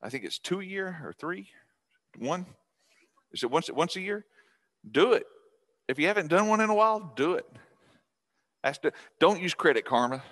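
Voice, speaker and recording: A man's voice: high-pitched, lively intonation, normal speed, long pauses, a bit bright. A middle-aged man giving a casual, folksy talk to a class of seniors, chatty with restarts. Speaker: guest speaker on scam prevention.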